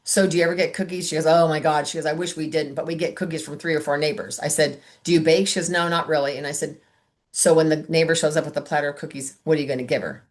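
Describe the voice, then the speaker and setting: On a video call, a middle-aged woman casually coaches a sales team, acting out conversations with customers. Her voice is low with fairly even intonation, and she talks fast.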